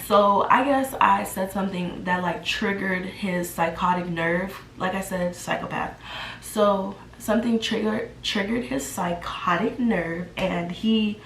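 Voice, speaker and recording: A woman in her twenties telling a casual storytime, animated and acting out what people said. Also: mid-range voice, measured pace, slight background noise. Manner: animated, acts out the quotes. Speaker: vlogger. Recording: roomy echo.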